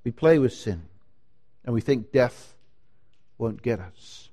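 In an expressive mid-range voice, a pastor delivers his sermon at a slow, emphatic pace, alternating between loud proclamations and hushed passages.

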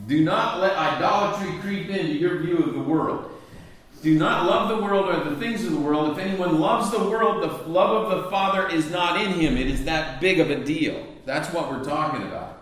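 A man preaching a sermon. He reads long scripture passages aloud and then explains them in plain words. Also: a little high. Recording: very echoey room, voice from a distant mic.

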